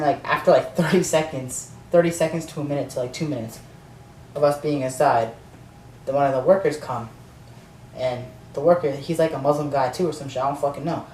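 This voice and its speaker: A man with a medium-pitched, slightly mellow voice rambles through a storytime rant for his vlog, swearing and restarting with plenty of filler words. The recording sounds echoey, with a distant mic and faint noise.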